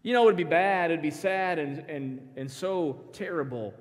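A man in his thirties preaching at a youth conference, an animated, joking storyteller who talks straight to the crowd. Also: fairly high pitch, moderate pace. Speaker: pastor. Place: church sanctuary. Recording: long hall reverb.

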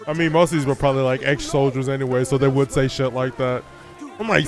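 A man's voice: medium pitch, steady tone, fast, soft background music. A man hosting a reaction video, chatting casually and bluntly, often swearing and talking back to the screen.

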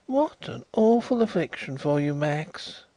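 A man's voice: fairly high pitch, very animated, unhurried, mellow, no echo, voice pushed up. A man voicing an earnest, slightly flustered middle-aged ex-solicitor turned detective in an audiobook reading.

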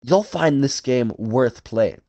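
A man's voice: medium pitch, sing-song, a little mellow, dry recording, pitched above the performer's own voice. A man voicing a suave aristocratic male hunter general, cruel and genteel, with a courtly, purring, theatrical delivery, drawing out his phrases. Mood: relishing. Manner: drawn-out, relishing phrasing raised above the narrator's voice. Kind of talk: audiobook character voice.

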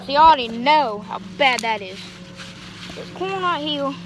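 Speaking at a normal pace with lively intonation, a young woman in a high-pitched voice rambles chattily to her viewers while picking corn. She's out of breath, her phone held in one hand, in a cornfield with noisy outdoor recording.

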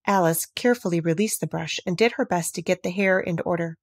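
A woman reading a children's classic aloud in a measured, even storytelling manner, close to the microphone. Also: fairly low pitch, dry recording. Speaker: narrator. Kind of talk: audiobook narration.

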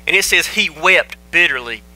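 A man preaches with a sharp, bright, forceful voice. He hammers his points home by repeating short phrases. It is a plain, earnest church sermon. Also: on the high side, lively intonation, normal speed, rough recording. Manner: emphatic, repeats phrases for stress. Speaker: pastor.

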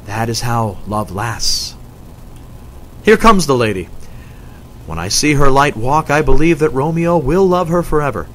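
A man's voice: mid-range voice, lively intonation, unhurried, a bit bright, slightly rough, poor audio. A man reading the part of a cautious, solemn friar who gives advice. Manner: solemn, advising. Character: wise cautious male friar.

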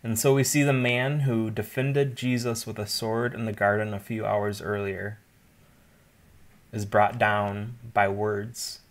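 A man's voice: on the low side, flat delivery, unhurried. A man, likely a pastor, giving an informal Bible teaching, explaining in a conversational way with asides.

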